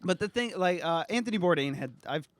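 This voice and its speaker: A man's voice: sits high, lively intonation, a little fast, no echo. A man, casually co-hosting a podcast, swearing and laughing as he mocks mispronounced food words. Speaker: podcast co-host. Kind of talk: casual chat.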